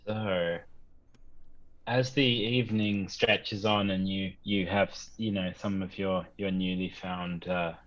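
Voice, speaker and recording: A man narrating a tabletop game as game master, halting and restarting as he describes scenes. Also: low voice, fairly even intonation, fairly bright tone. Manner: halting, many fillers and restarts. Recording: dull lo-fi sound.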